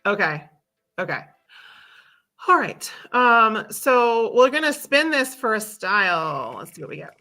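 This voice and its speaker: A woman's voice: a little high, sing-song, unhurried, bright, forceful tone. A woman hosting a livestream in casual chat, chatty and self-deprecating, laughing often. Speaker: livestream host.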